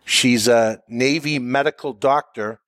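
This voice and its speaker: A middle-aged man speaking at a middle pitch, unhurried and measured, sprinkling his stories with "uh". The sound is dry and close, with no room around it. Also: steady tone, a bit bright, no echo. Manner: measured, pausing often with "uh". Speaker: veteran guest and interviewer of veterans. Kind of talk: relaxed interview answers, storytelling.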